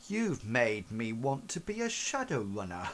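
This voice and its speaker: A man voicing a calm young man who speaks in a low, quiet, steady way. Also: unhurried, slight background noise. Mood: reassuring.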